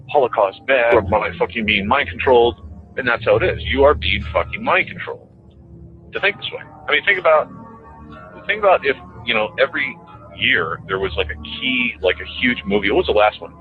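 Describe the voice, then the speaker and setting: Low-voiced man ranting on a tinny radio clip. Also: expressive, fairly quick. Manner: emphatic, profane, repetitive. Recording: tinny phone-like radio clip with faint music.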